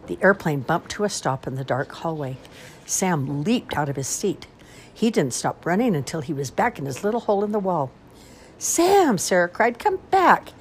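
An older woman reading a children's storybook aloud in an expressive, animated way. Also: sits low, normal speed, a little hiss or hum.

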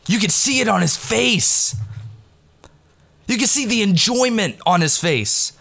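Excited rambling man with a bright voice. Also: sits high, measured pace, gravelly. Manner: excited, rambling, swears freely. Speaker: wrestling fan recapping a pay-per-view. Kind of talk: casual recap commentary. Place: home recording in the Pittsburgh area. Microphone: headset mic with headphones.

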